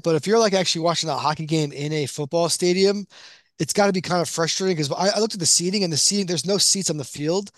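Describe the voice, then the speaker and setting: A young man, co-hosting a podcast in quick casual chat, often restarting his sentences. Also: a little high, no echo, studio quality. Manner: quick, hesitant with repeated restarts. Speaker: podcast co-host.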